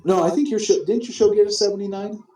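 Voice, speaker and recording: A man's voice: sits high, fairly even intonation, quick pace, warm tone. Rambling, swearing guy in an echoey room. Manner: rambling, restarts sentences, swears often. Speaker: host recapping a simulated wrestling show. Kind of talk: casual profane recap chat.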